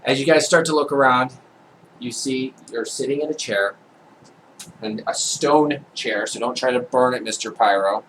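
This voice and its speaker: A man narrating a tabletop role-playing game as game master, describing scenes slowly with frequent hesitations. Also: medium pitch, a bit bright. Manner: slow, hesitant description with fillers. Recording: distant mic with faint background noise.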